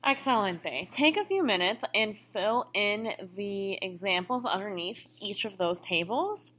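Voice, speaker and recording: A woman records a classroom lesson, walking students through each step with patience. Her voice is bright and clear. Her pitch moves up and down a lot. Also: expressive, unhurried. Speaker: Spanish teacher.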